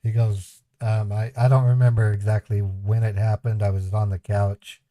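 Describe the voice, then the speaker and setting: A man's voice: on the low side, level tone, normal speed, warm tone, no echo. A man hosting a scambaiting livestream, telling rambling family anecdotes to his chat with a chuckle and voiced quotes. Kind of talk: casual storytelling to a live chat.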